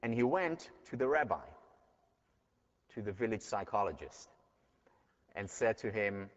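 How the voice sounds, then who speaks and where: A man's voice: fairly low pitch, very animated, unhurried, long pauses. Man, university lecturer, earnest storytelling, muffled sound, lecture hall. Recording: dull lecture hall recording.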